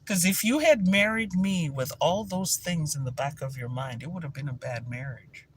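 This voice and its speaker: Energetic man with a Nigerian accent. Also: on the high side, moderate pace, a little hiss or hum. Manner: energetic, animated storytelling with laughter. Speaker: spiritual teacher. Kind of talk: casual teaching talk to viewers.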